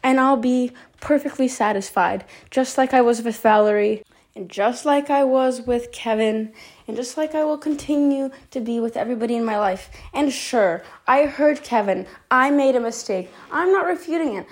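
A woman with a fairly high voice, speaking at a moderate pace, records a rambling, heartfelt voice memo as a personal confessional monologue. She's upset, speaks straight to the listener, and corrects herself as she goes.

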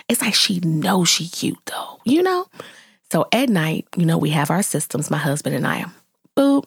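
A woman in her thirties, a mother vlogging to her viewers, telling a story in casual chat and venting with exasperated, animated exclamations. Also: fairly low pitch, moderate pace, gravelly, husky, no room sound, studio quality.

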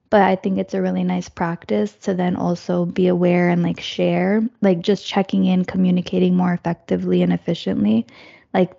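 A woman in a reflective casual conversation, thoughtful and fairly monotone. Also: medium pitch, moderate pace, gravelly, dull audio. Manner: thoughtful, says she speaks in a monotone.

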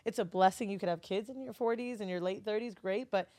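Brief: woman podcast guest, candid, swears freely, mid-pitched, dry close sound. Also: fast talker, mellow, dry recording. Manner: candid and profane, acts out relatives' voices. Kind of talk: casual chat.

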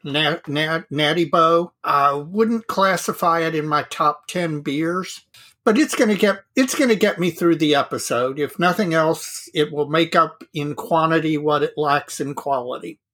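A man's voice: a little high, measured pace, bright, forceful tone. Easygoing male podcast co-host. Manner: easygoing, self-deprecating, chatty. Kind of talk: casual podcast chat.

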